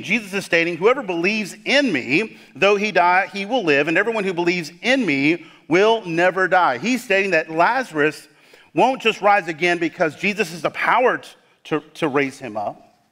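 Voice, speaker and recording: A man pastor preaching a sermon with dramatic emphasis, leaning hard on key words and dropping to a hush on the weightiest ones. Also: a little high. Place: church sanctuary. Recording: long hall reverb.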